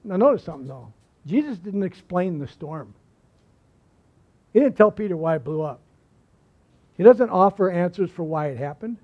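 A man with a high voice delivers a sermon as a pastor, pressing hard on key phrases and then dropping almost to a murmur. The recording sounds dull and lo-fi, with the top end muffled. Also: expressive, moderate pace, long pauses. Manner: emphatic preaching, dropping to hushed lines.

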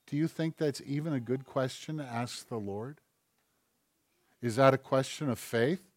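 Male pastor, mid-pitched voice, dry close mic, talky sermon that swells to loud emphatic questions. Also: unhurried, no room sound. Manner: conversational preaching that builds to loud, emphatic questions. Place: church sanctuary.

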